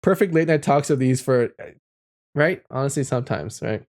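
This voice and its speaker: A man's voice: mid-range voice, expressive, moderate pace, a little mellow. A man live-streaming casually, reading chat messages aloud and drawing tarot cards, reflective and encouraging, laughing often.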